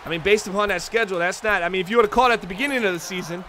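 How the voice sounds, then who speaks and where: High, bright-voiced excitable game commentator man. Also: racing, a little hiss or hum. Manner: excitable, chatty, talks straight to the chat viewers. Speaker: livestream host and commentator. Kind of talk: play-by-play commentary on a football video game stream.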